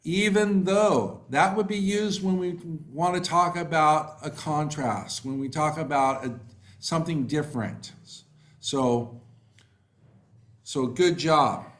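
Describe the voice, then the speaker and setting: A man runs a live online lesson. His voice sits a little high for a man, and he takes his time with frequent "um"s and "so"s. He is warmly encouraging as he reacts to student answers. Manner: encouraging, praises students by name, unhurried with fillers. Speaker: online English tutor. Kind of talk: live online class, reading chat replies.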